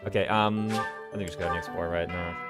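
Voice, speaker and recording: A man's voice: low voice, steady tone, racing. A man with a Southern US accent who drops his consonants, rambling and thinking aloud as he plays. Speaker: streamer playing a strategy game. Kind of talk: casual gameplay commentary. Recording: game music playing underneath. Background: game music.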